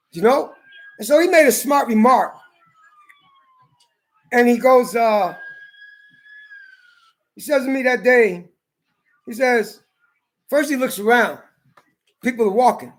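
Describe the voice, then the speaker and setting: A man tells a story in an angry, profane rant. He talks heatedly and breaks into shouts. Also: very high voice, lively intonation, slow, pauses often. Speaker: ranting commentator.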